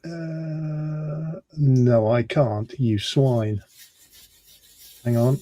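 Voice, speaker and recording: A man's voice: mid-range voice, fairly even intonation, extremely slow, mellow, no room sound. A man hosting a casual live model-building stream, joking and reading out chat comments. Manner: chatty, jokey, reads chat comments aloud.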